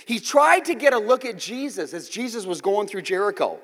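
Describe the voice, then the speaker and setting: A male pastor preaches with a high voice that swoops constantly between ups and downs. He keeps it loose and joking, checking in with the congregation as he goes. His voice rings out with long reverb, as in a large church hall. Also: normal speed, hardly any pauses. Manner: lively, joking, conversational preaching with frequent "okay?" check-ins. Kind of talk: sermon. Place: church sanctuary.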